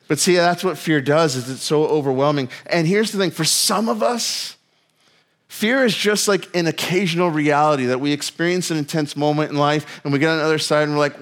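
A pastor preaching a sermon in a casual, storytelling way, with self-mocking humor and lots of filler words. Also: male voice, a little high, a little fast.

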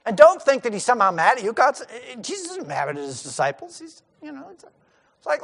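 A man's voice: very high-pitched, sing-song, a little fast, vocal fry. A middle-aged male pastor giving a sermon in a conversational way, acting out the lines of the disciples.

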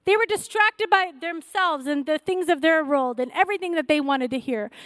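A woman's voice: high voice, moderate pace, a bit bright, dry recording, studio quality. A woman pastor preaching a fervent sermon, exhorting her church with rising, repeated calls.

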